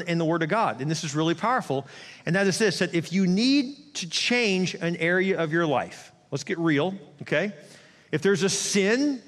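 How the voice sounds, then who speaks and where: A man preaching a sermon as pastor, animated and conversational, with quick asides to the congregation. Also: sits high. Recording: long hall reverb.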